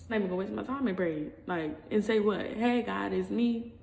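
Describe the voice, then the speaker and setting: A woman's voice: fairly high pitch, steady tone, fast talker, reverberant, in a large hall. A woman in her twenties venting her frustration and exhaustion in a raw, self-recorded vlog. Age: 20s. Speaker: vlogger. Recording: clear background noise.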